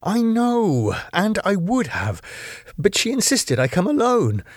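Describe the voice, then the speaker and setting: A man's voice: high voice, wildly swooping pitch, takes it slowly, dry recording, clean studio sound, voice pushed up, exaggerated voice. A man voicing an earnest young woman police inspector who sounds urgent and defensive. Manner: urgent, pleading, flustered.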